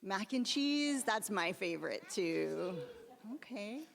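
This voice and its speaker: A woman's voice: mid-range voice, animated, takes it slowly, creaky. A woman who leads children's religious education, chatting encouragingly with children at a service. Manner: warm, encouraging questions to kids. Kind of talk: gentle chat with children. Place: church sanctuary. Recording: long hall reverb.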